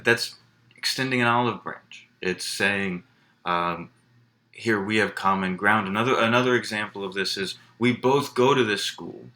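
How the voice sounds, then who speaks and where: In a recorded lecture, a college English instructor walks a writing class through the material in a casual, conversational way, using fillers and often restarting sentences. His voice is lowish and sharp, at a moderate pace.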